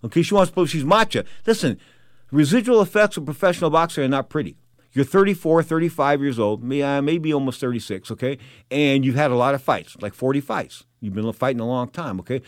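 A man's voice: mid-range voice, brisk, no echo. A middle-aged man telling boxing stories in a casual, emphatic monologue, often checking in with "okay?". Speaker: boxing commentator.

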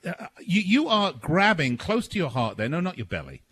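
A man's voice: high voice, sing-song, a little fast, fairly bright tone, breathy edge, dry recording. A man co-hosting a sports talk radio show, joking and teasing in casual studio banter. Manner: joking, teasing, laughs at own jokes. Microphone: studio microphone.

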